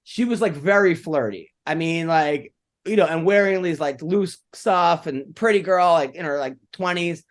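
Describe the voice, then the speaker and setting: A man's voice: on the high side, normal speed. A man co-hosting a podcast, telling stories in rambling casual chat, full of "like". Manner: rambling storyteller, many "like" fillers. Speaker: podcast co-host.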